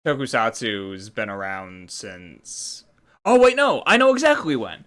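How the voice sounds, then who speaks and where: A man's voice: mid-range voice, very animated, a little slow, fairly bright tone. A man hosting a casual chat, rambling as he explains trivia. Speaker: host.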